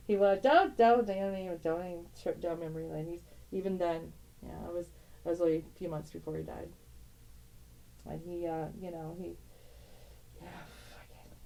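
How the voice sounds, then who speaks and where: Mellow-voiced middle-aged woman, rambling and tender. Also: lowish voice, low-quality recording. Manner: rambling, tender, laughs often, broken-off sentences. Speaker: tarot channel host. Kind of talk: casual emotional vlog, showing family photos.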